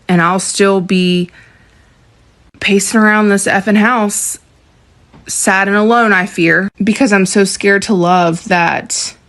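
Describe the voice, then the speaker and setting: A woman's voice: on the low side, fairly bright tone. A woman in her thirties talking candidly and emotionally in a confessional vlog. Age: 30s.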